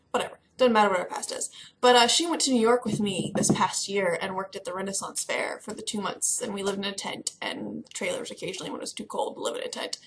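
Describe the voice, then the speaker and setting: A young woman from Kentucky chatting casually to camera in a vlog, excitable and rambling. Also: a little high. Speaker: vlogger. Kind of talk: casual chat.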